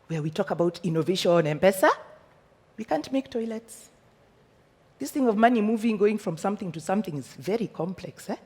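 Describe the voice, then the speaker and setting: A woman's voice: medium pitch, expressive, brisk, a little mellow, husky, big-room sound. A Kenyan woman giving a passionate motivational talk from a stage, firing off rhetorical questions. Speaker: speaker. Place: stage in a large hall.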